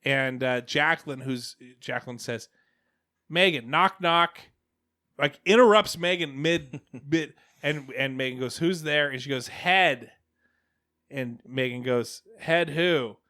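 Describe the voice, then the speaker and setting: A man's voice: medium pitch, measured pace, pushed and bright. A man in his forties hosting a podcast, telling family stories in a rambling, casual way with many restarts. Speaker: podcast host. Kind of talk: casual chat. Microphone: headset.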